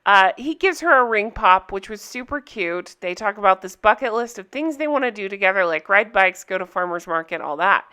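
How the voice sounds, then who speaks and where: A woman's voice: mid-range voice, animated, fairly quick, hardly any pauses, pushed and bright, smooth. A woman recapping a reality TV episode for her viewers in casual chat, candid and chatty, laughing often.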